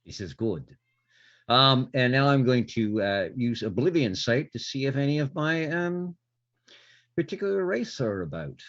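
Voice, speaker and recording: A man's voice: mid-range voice, sing-song, a little slow, fairly bright tone. A man playing a tabletop game, playful and humming to himself as he talks. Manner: playful, hums and sings to himself. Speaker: player. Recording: dull lo-fi stream audio.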